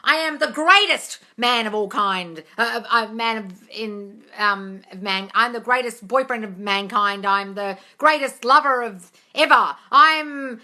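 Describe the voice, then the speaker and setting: A boastful man , as a woman mocks him, slowly declares grandiose affirmations about himself. The voice is bright and slightly louder than usual. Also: a little high. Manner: slow, exaggerated, grandiose declaring. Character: boastful man chanting over-the-top affirmations.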